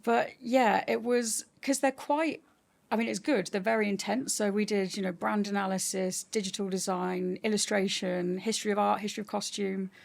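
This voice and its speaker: Woman guest, gravelly fry, animated and chatty storyteller. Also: medium pitch, normal speed. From England. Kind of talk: casual interview chat.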